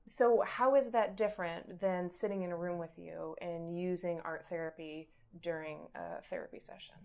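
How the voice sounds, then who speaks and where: A woman hosting a podcast interview, talking in a relaxed way and giving many listening hums. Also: on the low side, normal speed, creaky.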